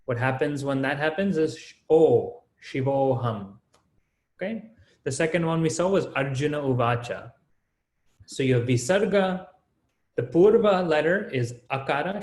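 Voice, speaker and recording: Man teaching an online class, echoey room. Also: fairly high pitch. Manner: explaining step by step, checking in with "right?" and "okay?". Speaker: Sanskrit teacher.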